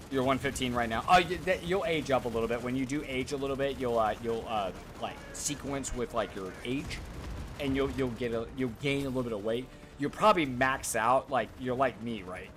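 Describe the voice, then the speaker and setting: A man's voice: mid-range voice, fairly bright tone, a little hiss or hum. A man in his thirties chatting casually while streaming a game, rambling, swearing often and talking to his chat. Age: 30s. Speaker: gaming streamer.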